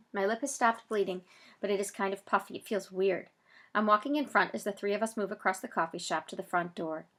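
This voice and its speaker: In this first-person audiobook, a woman with a medium-pitched voice narrates the story and performs the characters, getting loud whenever a line is shouted.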